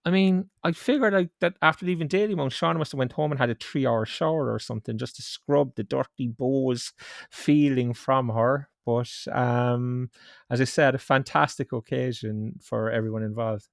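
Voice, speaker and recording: An Irish-accented podcast host chats about sports in a relaxed, self-mocking way, switching to a brisk pace when reading headlines. His voice is at an everyday middle pitch with some vocal fry. The mic is close and the room dry, with no echo.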